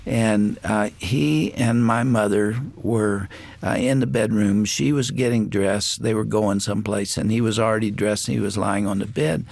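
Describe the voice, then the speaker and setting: A male radio host telling a family story in an unhurried, reflective way, often pausing with "uh.". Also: on the low side, fairly even intonation, vocal fry, darkish tone, no room sound. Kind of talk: storytelling in a studio conversation.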